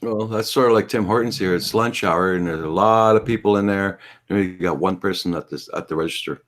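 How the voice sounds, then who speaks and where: Laid-back man, low voice. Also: fairly quick, fairly bright tone. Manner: laid-back, laughs along. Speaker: show co-host. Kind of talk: casual chat.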